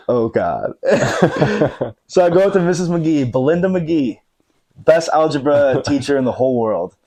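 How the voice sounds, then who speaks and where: A medium-pitched, slightly mellow male voice belongs to a podcast guest in his thirties. He's telling a funny anecdote in relaxed conversation in a living room, laughing a good deal and using many fillers.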